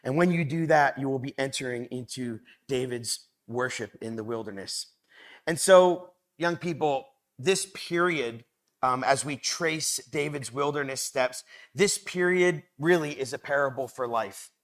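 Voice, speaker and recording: A man in his thirties giving a Bible study talk to young people, lively and rising loud when he reads scripture aloud. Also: mid-range voice, a little slow.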